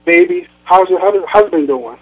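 A man's voice: high voice, expressive, normal speed, husky, pitched above the performer's own voice. A man reading the lines of a stern, guilt-tripping aging mother on a phone call, sarcastic and reproachful, over a tinny phone line. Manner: sarcastic, reproachful, then sweet.

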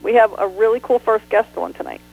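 Brief: New Jersey woman, mid-pitched, bubbly talk show host. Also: a little fast, vocal fry, narrow, tinny audio, faint music behind. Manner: chatty, enthusiastic. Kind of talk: casual radio chat.

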